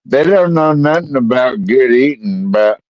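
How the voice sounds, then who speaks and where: A man calling into a casual chat, talking in a slow, laid-back, drawn-out way. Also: mid-range voice, lively intonation, darkish tone, no room sound, lo-fi sound.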